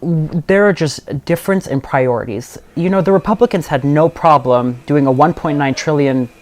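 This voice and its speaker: A man's voice: a little high, normal speed, a little mellow. Earnest young man talking politics. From Southern California. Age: young adult. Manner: earnest, passionate, many fillers. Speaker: guest, local party chair. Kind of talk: casual podcast interview.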